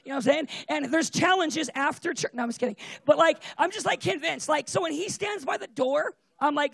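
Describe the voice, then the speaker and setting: High, gravelly, animated preacher. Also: fairly quick, no echo. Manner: animated, fillers of "like" and "right?", often laughs. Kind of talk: casual conversational sermon with personal stories.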